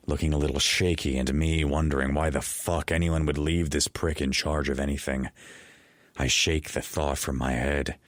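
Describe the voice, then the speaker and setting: Very deep-voiced male audiobook narrator. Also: no room sound, studio quality. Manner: measured first-person storytelling. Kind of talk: scripted narration.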